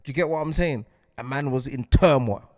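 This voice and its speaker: A man's voice: medium pitch, fairly quick, darkish tone, no echo. A man, delivering a heated podcast monologue as host, repeating himself and asking if you get what he's saying.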